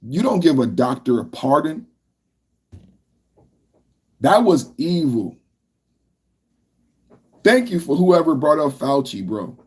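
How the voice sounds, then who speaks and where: A man's voice: fairly high pitch, very animated, slow, long pauses, a little mellow, husky. A man hosting a political podcast livestream, ranting in a loose, repetitive way and talking to his chat. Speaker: podcast host.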